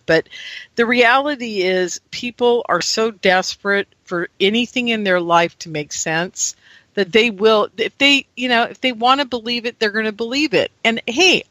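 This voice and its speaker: A woman on a talk-radio call-in show, ranting animatedly and acting out credulous listeners in a higher voice. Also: sharp tone, no room sound. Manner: ranting, mimics gullible listeners in raised voice. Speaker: radio guest.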